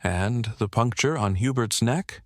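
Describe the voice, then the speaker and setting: A man reading the lines of a sharp-eyed elderly woman sleuth, quiet and pointed. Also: medium pitch, lively intonation, a little slow, no echo, clean studio sound, natural voice. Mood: probing.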